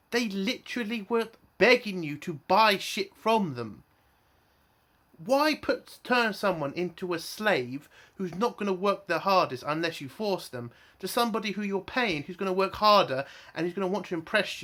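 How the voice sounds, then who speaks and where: A man's voice: high-pitched, animated, a little slow, pushed and bright. Man, TV review rant, exasperated, swears a lot, punchy rhetorical questions.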